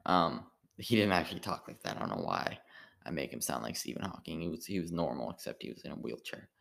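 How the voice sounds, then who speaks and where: A tired man with a very deep, gravelly voice talks in a loose, meandering monologue. He stops and restarts often, trailing off and circling back as if thinking aloud. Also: expressive, fairly bright tone. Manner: meandering, halting, full of restarts and filler. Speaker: amateur stand-up comedian. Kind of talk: rambling casual monologue.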